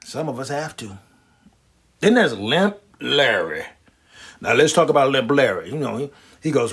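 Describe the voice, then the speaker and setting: A husky-voiced man telling a stand-up comedy story with lots of wisecracks. His pitch swings widely as he builds up jokes in a loose, animated way. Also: normal speed. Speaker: comedian and prostate cancer survivor.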